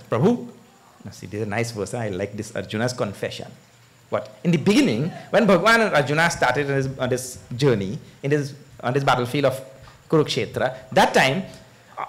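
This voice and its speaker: A man giving a scripture discourse as a swami, telling stories with chuckles and asking his audience questions. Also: mid-range voice. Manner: animated storytelling, chuckles, asks the audience "eh?". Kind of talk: sermon.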